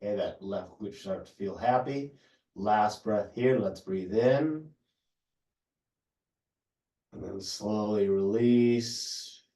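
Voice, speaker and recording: Calm man guiding yoga, distant roomy sound. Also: lowish voice. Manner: calm, unhurried cues with breathing prompts. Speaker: yoga instructor. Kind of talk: guided yoga class instruction.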